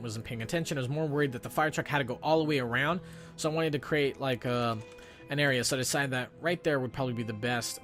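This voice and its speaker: A young man chatting his way through a gameplay recording in a loose, rambling style. He keeps acting out his own thoughts as quotes and drifts from point to point. Game music plays clearly behind his voice. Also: medium pitch, a bit bright. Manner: rambling, self-narrating with quoted inner thoughts. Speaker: gameplay commentator. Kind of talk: casual gameplay commentary.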